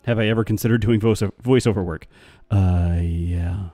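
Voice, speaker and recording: A man's voice: on the low side, normal speed, warm tone, no room sound, clean studio sound. A man chatting casually on a live game stream, rambling and answering his chat.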